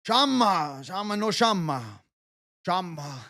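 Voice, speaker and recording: Guy doing a dazed fighter yelling choppy bits, pitch all over. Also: very animated, takes it slowly, no room sound, clean studio sound, heavily acted. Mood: frantic. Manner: choppy shouted fragments. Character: dazed male fighter shouting after an eye poke.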